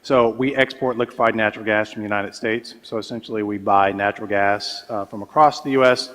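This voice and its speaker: A man speaking as a panelist at a business forum, measured and full of hesitations and restarts. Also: lowish voice, fairly even intonation, a bit bright. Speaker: panelist, energy company executive. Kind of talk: conference panel remarks. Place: large conference hall. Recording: reverberant hall sound.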